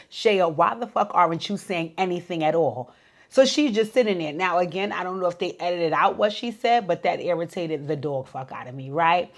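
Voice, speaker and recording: A woman giving a casual, profane recap of a reality show episode, acting out what the cast said in voices. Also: lowish voice. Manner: chatty, profane, acts out quotes in voices.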